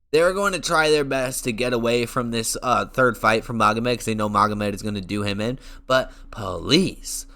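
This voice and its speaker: A bright, forceful young male voice drives this fight commentary rant. He talks in heated, slangy bursts and mocks the fighters he argues against. It sounds like a casual MMA vlog. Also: mid-range voice.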